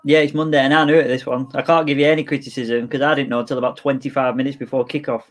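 A man's voice: medium pitch, flat delivery, rapid-fire. A young man co-hosting a casual football podcast, talking in a dry, teasing way. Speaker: podcast co-host.

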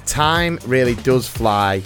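A man's voice: medium pitch, animated, slow, a bit bright, faint music behind. A man hosting a casual podcast, joking, singing little snippets and laughing often. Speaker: podcast host.

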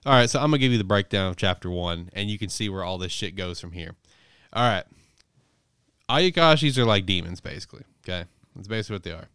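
A man's voice: low-pitched, fast talker, clear, resonant tone, no room sound, studio quality. Profane, rambling man recapping a manga. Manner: profane, rambling, animated storytelling. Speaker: podcast host reviewing manga. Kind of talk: casual chat.

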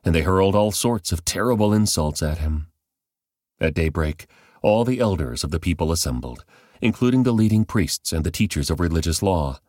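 A man reading a Bible passage aloud as measured, scripted narration. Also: low voice, expressive, darkish tone, no room sound, studio quality. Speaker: Bible reader.

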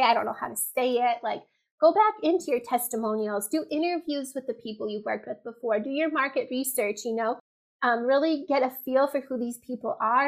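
A woman guest giving copywriting advice in a casual, chatty way, peppering her talk with "like" and "you know". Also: high-pitched. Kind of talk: casual interview chat.

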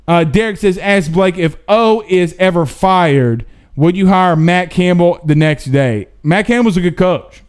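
Animated sports host, high voice. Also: male voice, unhurried, clear, resonant tone. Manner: animated, drawling, folksy asides. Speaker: sports talk show host. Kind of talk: casual live-stream chat reading viewer questions.

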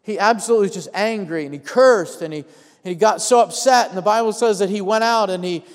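High-voiced preacher in a reverberant church. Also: male voice, fairly quick. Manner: storytelling preacher, calling out "amen" and "come on" to the congregation. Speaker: pastor. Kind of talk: sermon.

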